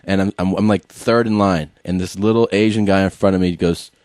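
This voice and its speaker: A man hosting a podcast in casual chat, telling stories with excitement and frequent swearing. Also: low voice, fairly quick, no room sound. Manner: excitable storyteller, swears freely. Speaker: podcast host.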